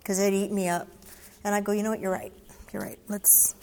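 A woman's voice: medium pitch, very animated, a little fast, a little mellow, in a large hall, a little hiss or hum. A woman giving candid, conversational advice, acting out her own past exchanges as she goes. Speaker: speaker answering audience questions. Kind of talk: casual advice talk.

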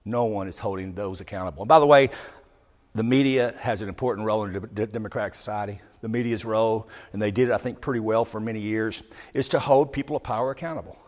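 Fired-up man speaking in a reverberant hall. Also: quick pace. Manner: emphatic, swings from loud outbursts to low asides. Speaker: public speaker addressing a live audience. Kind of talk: impassioned speech to a crowd.

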